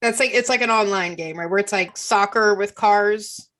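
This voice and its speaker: A young woman co-hosting a casual podcast, who teases her friend with quick asides. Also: medium pitch, fairly bright tone. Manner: teasing, quick interjections. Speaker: podcast co-host. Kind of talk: casual chat.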